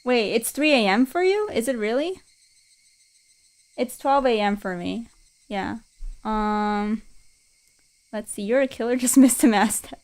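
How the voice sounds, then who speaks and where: A woman's voice: fairly high pitch, lively intonation, a little slow, pauses often, a little mellow. A young woman chatting casually on a game livestream, giggling often between lines, from a home room at night. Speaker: streamer.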